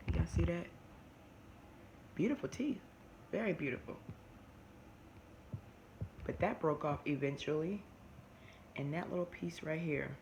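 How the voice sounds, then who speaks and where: A woman, chatting animatedly to camera and often restarting her sentences. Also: sits low. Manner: animated, talks fast with many restarts. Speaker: vlogger. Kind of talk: casual chat to camera. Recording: noisy home recording.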